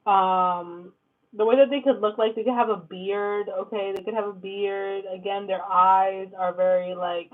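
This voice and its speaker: A woman's voice: mid-range voice, flat delivery, a little slow. A woman giving a casual tarot reading, blunt and profane, full of "like" and "okay?". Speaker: tarot reader. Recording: lo-fi phone-like sound.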